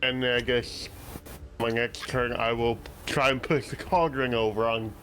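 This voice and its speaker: A man playing in a tabletop game, hesitating and thinking his moves through out loud. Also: medium pitch, steady tone, measured pace, a little hiss or hum. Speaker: player. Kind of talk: casual tabletop game chat.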